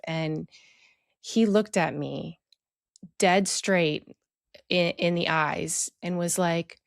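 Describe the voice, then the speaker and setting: Candid woman telling her own story, low voice. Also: fairly even intonation, drawn-out words, vocal fry, pauses often, no echo, clean studio sound. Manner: candid, reflective, many fillers. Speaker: podcast guest sharing her story. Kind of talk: personal storytelling about abuse.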